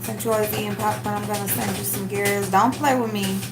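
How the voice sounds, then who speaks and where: Fairly quick and steady in tone, a woman with a mid-range voice hosts a casual live stream, greeting viewers by name as she chats. There's background noise and an echoey room.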